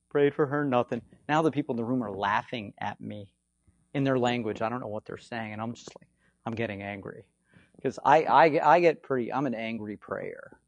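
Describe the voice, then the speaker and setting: A man with a slightly hoarse voice, giving an informal teaching on faith healing, swinging between loud bursts and low asides and often checking in with "okay?". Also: no room sound, dull audio. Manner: repetitive, conversational, frequent "okay?" check-ins. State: hoarse from frequent yelling.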